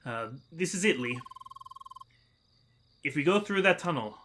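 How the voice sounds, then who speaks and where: A man's voice: on the high side, lively intonation, pushed and bright, a little hiss or hum, voice pushed up. Man reading as a formal, earnest researcher. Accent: attempted Russian, mostly dropped. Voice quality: formal, measured, no contractions. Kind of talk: reading game dialogue aloud.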